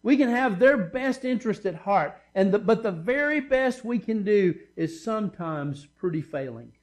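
A man's voice: high-pitched, animated, moderate pace, a little mellow. A man preaching a sermon as pastor, reading scripture and explaining it with emphatic repetition and casual asides.

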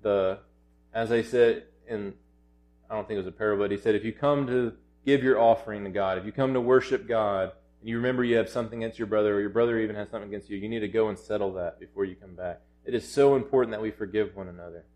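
A man's voice: lowish voice, steady tone, quick pace, a little mellow. A man preaching a sermon in an earnest, urgent way, often restarting his phrases and rising to emphatic peaks.

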